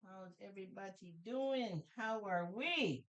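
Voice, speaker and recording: A woman hosting a laid-back live stream, talking slowly to her chat and to herself. Her voice is smooth and clean, with a playful, sing-song lilt as she greets people by name. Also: medium pitch. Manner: relaxed, talks to herself while doing things. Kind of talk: casual chat with viewers.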